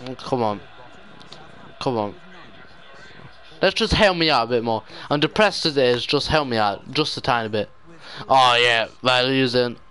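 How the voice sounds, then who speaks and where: A man's voice: mid-range voice, animated, moderate pace, bright, forceful tone, clear, resonant tone. A young man giving live gameplay commentary, despairing and muttering with sudden outbursts. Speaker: gaming YouTuber.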